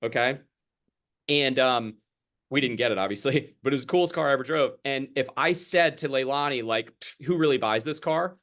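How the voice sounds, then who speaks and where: A man's voice: mid-range voice, a little fast, fairly bright tone. A young man coaching a sales team over a video call, chatty and casual, acting out exchanges with customers. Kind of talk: sales training talk on a group video call.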